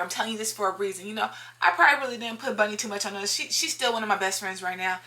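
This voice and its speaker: Bright-voiced woman telling a storytime. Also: medium pitch, racing, hardly any pauses. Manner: emphatic, repeats lines for effect, talks straight to viewers. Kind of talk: casual storytime monologue.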